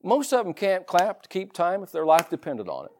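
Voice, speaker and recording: A man with a Southern US accent preaching a sermon in a folksy, animated way, with laughs and asides. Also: high voice, a little fast, a little hiss or hum. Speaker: pastor.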